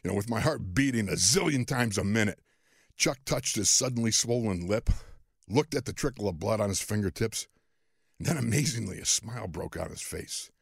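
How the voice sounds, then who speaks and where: Gravelly older man telling a story. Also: fairly low pitch, moderate pace, no room sound, clean studio sound. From Western New York, USA. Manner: animated, self-deprecating, chuckling. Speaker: podcast host, former football player. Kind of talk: storytelling monologue.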